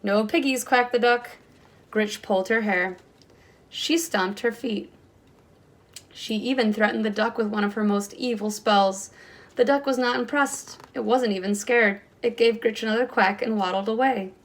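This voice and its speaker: A kindergarten teacher reading a picture book aloud, with expressive storytime delivery and voices for the characters. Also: female voice, on the high side, normal speed.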